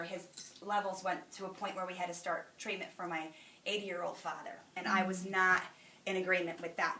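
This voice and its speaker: A woman's voice: medium pitch, pushed and bright, slight background noise. A middle-aged woman giving an emphatic, chatty motivational testimony to a group, preachy in tone and laughing now and then between lines. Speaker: sales director speaking to a group. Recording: echoey hall, speaker far from mic.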